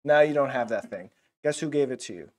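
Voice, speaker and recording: A man teaching a Bible lesson in a casual, animated way, full of fillers like "like". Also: medium pitch, brisk.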